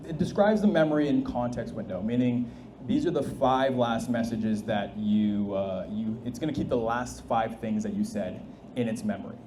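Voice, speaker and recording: A man presenting a live demo of AI agents to an audience, talking casually, thinking aloud and restarting often. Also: medium pitch. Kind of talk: live tech demo talk. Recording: echoey hall with faint noise.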